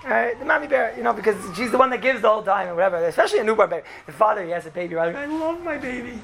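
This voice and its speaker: A man giving an informal Torah talk to students, telling stories in a rambling, animated way with many fillers and laughs. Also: high-pitched, very fast, creaky, a crowd in the background. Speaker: yeshiva lecturer. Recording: echoey room with background noise.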